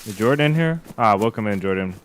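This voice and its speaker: A man's voice: on the low side, brisk, slight background noise. A man streaming a survival game, chatting casually and rambling with his viewers. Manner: relaxed, rambling, chats with viewers. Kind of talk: casual live-stream commentary.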